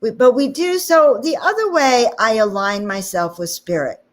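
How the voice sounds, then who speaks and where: A woman's voice: on the high side, moderate pace. A woman hosting a spiritual talk channel, telling a personal story in a chatty way with frequent "okay?" and "you know" asides. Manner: animated anecdote with frequent 'okay?' and 'you know' asides.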